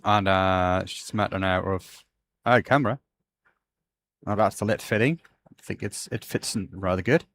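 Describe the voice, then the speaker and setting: A man's voice: low voice, fairly even intonation, moderate pace, pauses often, a bit bright, a little hiss or hum. Sighing, heartfelt man hosting a workshop stream. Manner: effusively grateful, sighing often. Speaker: woodturning livestream host. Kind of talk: casual live workshop chat. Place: home workshop.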